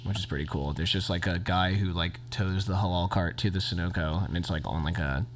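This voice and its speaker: A young man in casual podcast chat, rambling with deadpan jokes and many restarts. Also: deep voice, fairly quick, a little hiss or hum.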